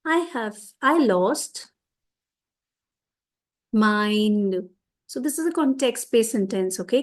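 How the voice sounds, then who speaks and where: A woman teaching French grammar for a school exam, explaining each answer step by step and slowing down on the French. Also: fairly high pitch, lively intonation. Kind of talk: exam revision lesson.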